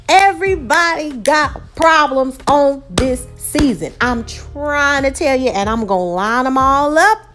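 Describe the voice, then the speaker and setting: Animated woman recapping reality TV. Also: sits high, a little slow, hardly any pauses, faint music behind. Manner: animated, dramatic, acts out quotes. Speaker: recap and review vlogger.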